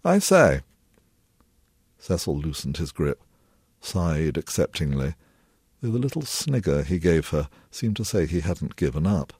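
A novelist reading a passage of his own fiction aloud in a measured, low-key way. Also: lively intonation, mellow, slightly rough, no echo, studio quality. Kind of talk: literary reading.

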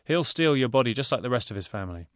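A man voicing a fussy male fashion designer who talks in rapid, pompous salesman's patter. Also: mid-range voice, expressive, no room sound, clean studio sound, natural voice.

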